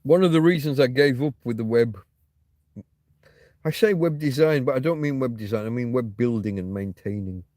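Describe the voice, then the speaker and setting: Clean studio sound with no echo carries this man's mid-range, darkish voice at normal speed. He hosts a rambling, casual livestream, reading viewer comments, swearing freely, ranting, and often repeating or restarting his words.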